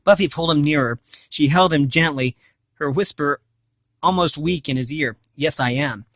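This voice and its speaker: Guy reading a book out loud, slightly high voice, trips and restarts a lot. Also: normal speed, dry recording. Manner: frequent stumbles, restarts and self-corrections. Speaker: reader of a novel. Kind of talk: amateur audiobook reading.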